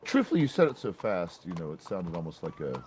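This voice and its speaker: A man playing a veterinarian in a game roleplay, talking briskly and cursing casually. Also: low-pitched, wildly swooping pitch, darkish tone, a little hiss or hum. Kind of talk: in-character roleplay chat.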